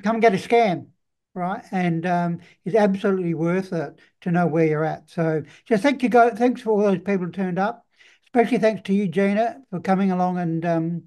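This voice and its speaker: A man's voice: high-pitched, a little mellow. A man hosting an online webinar, speaking casually and rambling through his thanks. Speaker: host.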